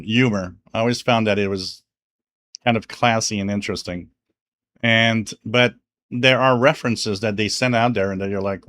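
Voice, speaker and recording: With a lowish, fairly bright voice and no echo, a French Canadian man whose first language is French hosts a live stream on radio. Chatty and relaxed, he reads viewer comments aloud and laughs frequently between fillers like "you know".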